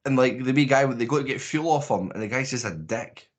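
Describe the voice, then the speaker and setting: A man's voice: medium pitch, brisk. A Scottish man co-hosting a podcast, reviewing a movie in casual, rambling chat with lots of swearing and restarts. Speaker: podcast co-host.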